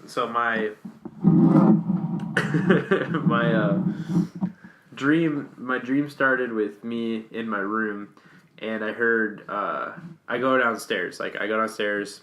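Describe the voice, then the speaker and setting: A man's voice: on the low side, sharp tone, a little hiss or hum. A young man casually telling a long story on a podcast, rambling and swearing, with lots of fillers and restarts. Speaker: podcast guest.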